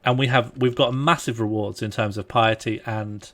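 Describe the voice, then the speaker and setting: A man livestreaming a strategy game and chatting casually with a co-host, relaxed and jokey while he thinks aloud. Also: fairly low pitch, moderate pace. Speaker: streamer playing a strategy game. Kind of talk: casual live-stream chat.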